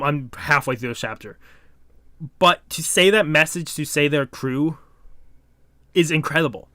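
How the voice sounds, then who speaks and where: A young man reading a comic aloud and reacting excitedly, swearing casually as he goes. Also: a little high, measured pace, clean tone, no room sound, studio quality. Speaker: manga reaction host.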